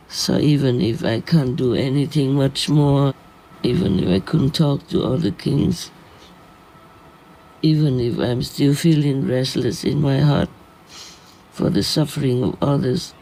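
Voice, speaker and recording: A man speaking as a disciple to his spiritual teacher, in an earnest, halting plea of short broken phrases. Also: mid-range voice, gravelly, mellow, low-quality recording. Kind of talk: heartfelt personal plea.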